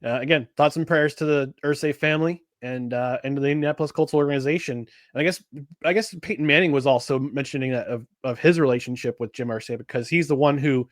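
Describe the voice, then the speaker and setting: A man's voice: mid-range voice, quick pace, no room sound, clean studio sound. A man co-hosting a casual podcast, rambling with many restarts and fillers. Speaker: podcast co-host.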